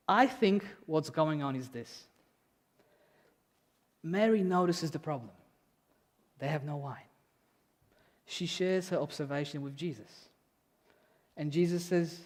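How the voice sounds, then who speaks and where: A young man preaching a sermon in a church, conversational and animated, voicing quotes playfully. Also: fairly high pitch, takes it slowly, pauses often. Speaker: pastor.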